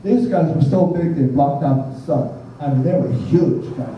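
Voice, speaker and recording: A man's voice: fairly high pitch, normal speed, slight background noise. An older man, a Buddhist minister, giving a blunt, humorous sermon in a conversational storytelling way. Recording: echoey hall, distant, muffled.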